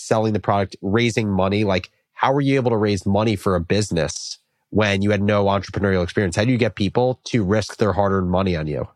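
A man hosting an interview, asking questions in a calm, conversational way. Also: lowish voice, dry recording, studio quality. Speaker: interviewer, host.

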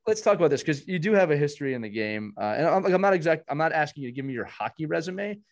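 Man, podcast host, casual chat, warm, rambling, repeats himself. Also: fairly high pitch, animated, very fast. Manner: warm, rambling, many restarts.

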